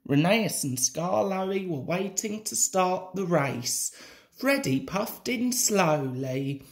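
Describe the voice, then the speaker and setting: A man reading a children's picture book aloud in an expressive, sing-song way. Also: high-pitched, slow pace. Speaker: storybook reader.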